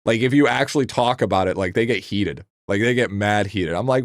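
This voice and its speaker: A man hosting a live game stream, chatting casually with his chat in a rambling, profane, excitable way. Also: fairly low pitch, a little fast, hardly any pauses, dry recording, clean studio sound.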